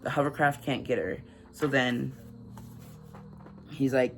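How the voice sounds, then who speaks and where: A book vlogger casually recaps a novel, reading passages aloud and chatting with lots of fillers, even laughing at grim scenes. His medium-pitched voice is expressive at a normal speed, with slight background noise.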